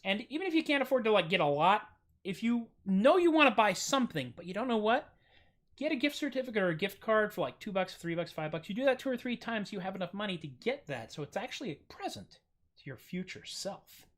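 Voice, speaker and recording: A man's voice: high voice, sing-song, fast talker, fairly bright tone. American guy chatting on his home stream, goofy and self-mocking, voice jumps way up on jokes. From United States. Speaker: streaming musician host. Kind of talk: casual livestream chat.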